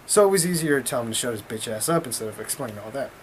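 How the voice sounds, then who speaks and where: A man's voice: medium pitch, expressive, racing, slight background noise. A man telling a story in a casual vlog, talking in a blunt, profane, rambling way.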